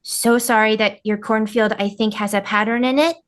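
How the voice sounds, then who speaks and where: A woman's voice: steady tone, moderate pace, fairly bright tone, lightly acted. A woman voicing a small, apologetic adventurer who soothes a stranger. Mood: soothing. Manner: soothing, apologetic, rising pitch.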